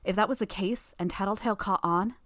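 A woman narrating first-person fiction in an even, steady reading voice. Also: medium pitch, a little fast, no room sound, studio quality. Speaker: audiobook narrator.

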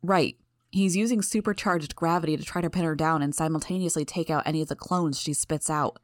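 A woman voicing a sharp, knowing young woman who speaks brisk and matter-of-fact. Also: sits low, steady tone, no echo, clean studio sound, close to an everyday voice.

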